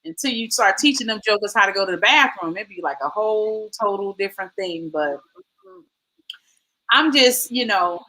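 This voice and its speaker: A woman in her forties hosting a casual chat, telling lively stories and acting out quotes. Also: medium pitch, moderate pace, poor audio. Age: 40s. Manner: animated storytelling, acts out quotes. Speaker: host.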